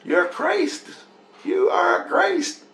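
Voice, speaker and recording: A man's voice: extremely high pitch, sing-song, slow, vocal fry, bright, forceful tone, reverberant, voice pushed up, full character voice. A man voicing a bossy young girl who scolds her father in an exasperated tone. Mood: scolding.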